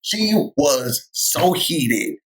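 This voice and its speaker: A man hosting his own vlog, telling a reality-show recap in a sassy, animated way and acting out what the cast said. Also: fairly high pitch, extremely slow, poor audio. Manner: sassy, animated storytelling, acting out quoted lines. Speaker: recap vlogger.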